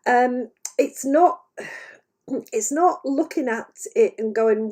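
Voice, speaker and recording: Woman psychic medium, wheezy, mellow and unhurried, gentle and hesitant delivery. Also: fairly high pitch. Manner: gentle, hesitant, laughs often mid-sentence. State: wheezy, clearing her chest. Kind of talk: channelled spiritual message on a livestream. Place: at home.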